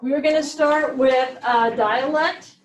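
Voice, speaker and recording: A woman's voice: high voice, fairly even intonation, slow pace. A woman teacher leading a reading lesson, explaining step by step and asking the class questions. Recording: echoey classroom, mic at a distance.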